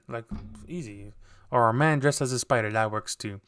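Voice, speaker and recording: A man's voice: medium pitch, moderate pace, a bit bright, clean tone. A man hosting a podcast, recapping TV episodes in a loose, rambling way with lots of fillers and restarts. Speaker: podcast host.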